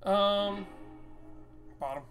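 A man giving casual, loud, teasing commentary while playing a card game with a friend, swearing now and then. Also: sits high, drawn-out words, faint music behind. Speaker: card game player and co-host.

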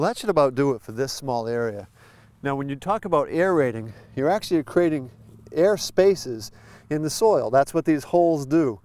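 A man's voice: on the high side, darkish tone, dry recording. A man hosting a lawn care lesson outdoors, explaining steps in a folksy, plain way with simple comparisons. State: a little out of breath at times. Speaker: lawn care show host. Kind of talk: instructional demonstration.

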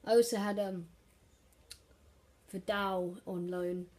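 Excitable woman commentating her game. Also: medium pitch, takes it slowly. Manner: excitable, swearing, erupts into shouts at big plays. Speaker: gaming commentator. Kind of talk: casual live game commentary.

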